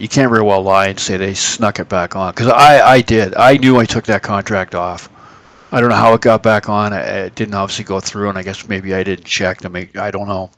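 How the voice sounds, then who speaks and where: A man hosting a live trading stream and telling a story in a loose, casual way. He acts out the people he quotes with sudden jumps in pitch. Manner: animated, acts out quoted voices.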